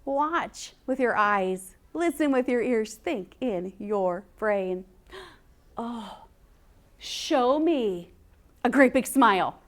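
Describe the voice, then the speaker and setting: A woman teaches a recorded lesson to young children. She speaks slowly and with care, in a high voice that turns sing-song and playful. She stays encouraging throughout. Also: animated.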